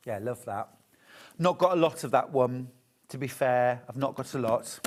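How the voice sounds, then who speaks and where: A woman's voice: rumbling low, normal speed, a little mellow. A woman with a British accent presenting a live shopping show, chatting to viewers and gushing over fabrics. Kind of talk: live sales demonstration.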